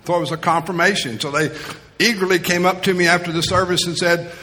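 A man's voice: high voice, fairly even intonation, fast, bright, forceful tone, slight background noise. A male pastor preaching a sermon as a personal story, in a storytelling style that acts out the quoted voices. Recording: reverberant hall.

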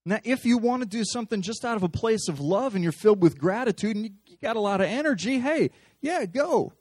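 Pastor, man with a high voice and a dry, close sound, telling stories from the pulpit and stumbling through restarts. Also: animated, fairly quick, darkish tone, dry recording. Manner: conversational, storytelling with repeated restarts. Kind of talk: sermon.

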